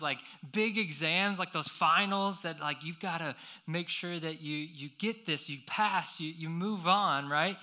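A man's voice: sits high, pushed and bright. A young man preaching a sermon, telling a personal story with lots of fillers and restarts before turning to scripture.

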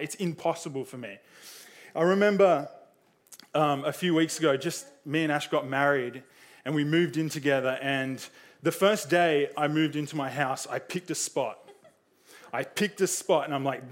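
A man's voice: on the high side, moderate pace. A young man preaching a sermon in a casual, conversational way, full of fillers, acting out quotes with a raised voice.

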